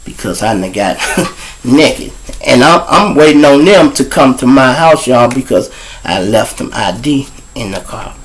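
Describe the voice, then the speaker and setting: A Chicago man with a Chicago accent hosts his show, telling raw, profane street stories directly to his listeners in a casual storytelling style. His mid-range voice is expressive and unhurried, and the recording is rough.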